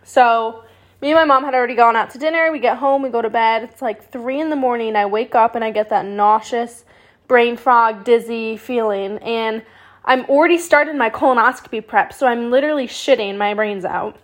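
A young woman with a slightly high voice talks through her own stories on a podcast. Her delivery is loose and animated, full of "like", casual swearing and a conversational, unscripted flow. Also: moderate pace. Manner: chatty and animated, with frequent "like", swearing and laughter. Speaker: podcast host. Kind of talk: casual storytelling monologue.

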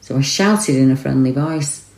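A woman voicing a shaken eyewitness who retells a forest encounter in the first person, earnest and rushed. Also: rumbling low, darkish tone, echoey room, rough recording.

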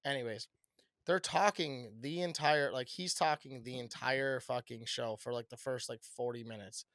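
A young man co-hosting a podcast, telling a story in an animated way with lots of swearing. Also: medium pitch, moderate pace, no room sound, clean studio sound. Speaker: podcast co-host. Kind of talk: casual chat.

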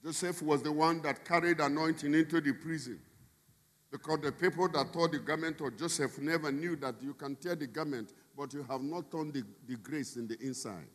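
A man preaching a sermon as a bishop, emphatic and shifting from quiet asides to shouted appeals. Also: on the high side, normal speed. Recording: long reverb in a large hall.

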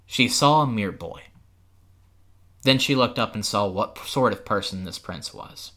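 A man reading a storybook aloud with steady, expressive narration on a podcast. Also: lowish voice, measured pace. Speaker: podcast host, reader.

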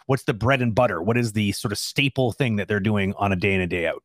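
A man talks fast and emphatically into a close, dry mic, co-hosting a casual advice show. He keeps asking rhetorical questions as he encourages listeners. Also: fairly low pitch, no echo. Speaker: co-host of an animation Q&A show.

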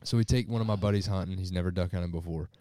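A man hosts a relaxed hunting podcast, telling animated stories and swearing freely. His voice sits fairly low. The sound is dry and close, with no room echo. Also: fast. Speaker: podcast host. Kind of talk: casual chat, storytelling. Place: hunting lodge, drinking beers.

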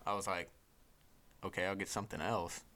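A young man, a podcast host, telling a casual, profane story with lots of energy and sometimes dropping to a hushed voice. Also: sits low, a little fast. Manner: profane, animated storyteller who drops to a hushed voice for inner thoughts.

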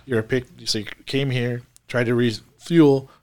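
A man's voice: mid-range voice, fairly even intonation, measured pace, darkish tone. A man running a tabletop game as game master, describing the scene with fillers and restarts.

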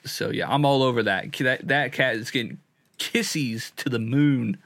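A man's voice: medium pitch, moderate pace, a bit bright, dry recording. A young man in his twenties co-hosting a casual comedy podcast, goofy and slangy in his chat. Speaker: podcast co-host.

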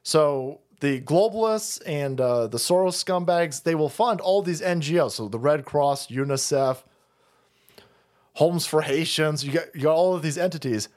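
A man's voice: fairly high pitch, a little slow, a little mellow. A man hosting a stream, delivering a profane, sarcastic rant of political commentary. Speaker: streamer host.

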